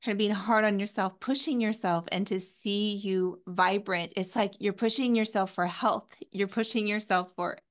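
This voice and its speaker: A woman's voice: medium pitch, fairly even intonation, moderate pace, hardly any pauses. A woman coach speaking tenderly and reflectively, choked up with emotion. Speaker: diet coach. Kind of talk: emotional tribute in interview.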